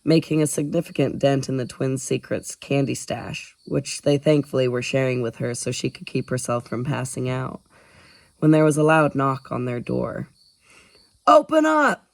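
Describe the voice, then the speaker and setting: A man reading a novel aloud as an audiobook narrator, in an even storytelling way. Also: medium pitch, moderate pace, creaky, no echo. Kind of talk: scripted narration.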